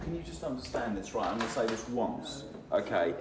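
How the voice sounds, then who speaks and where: A man's voice: medium pitch, very animated, a little fast, music in the background. A man explaining firmly in a casual argument, sounding exasperated. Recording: echoey room from far off, noisy.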